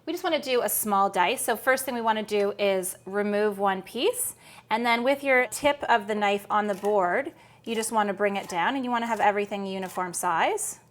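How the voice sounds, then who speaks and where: A woman's voice: mid-range voice, moderate pace. A woman hosting a cooking demonstration, chatty and upbeat with playful asides. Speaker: cooking show host.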